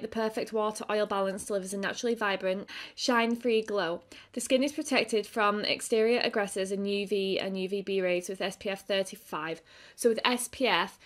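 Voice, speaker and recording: Chatty woman reviewing makeup. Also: mid-range voice. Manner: chatty, filler-heavy with frequent "like"; quieter and tired while applying makeup. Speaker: beauty vlogger.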